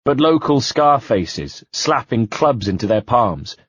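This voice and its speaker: A man narrating an audiobook in the first person, measured and quietly tense. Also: mid-range voice, big pitch swings, breathy edge, no echo. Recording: dull dry home-studio sound.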